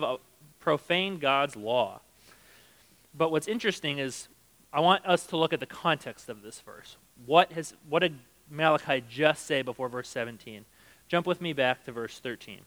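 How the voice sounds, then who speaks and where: A man's voice: a little high, fairly bright tone, rough recording. A man preaching a sermon in a conversational way, reading scripture aloud and acting out the quotes. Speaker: pastor.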